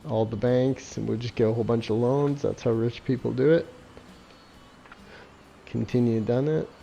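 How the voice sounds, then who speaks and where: He has a mid-range, creaky, dark voice with fairly even intonation and normal speed, captured in dull audio with a little hiss or hum. As a gameplay reviewer, he offers casual commentary over the game, heavy on swearing, sarcasm and mocking laughs.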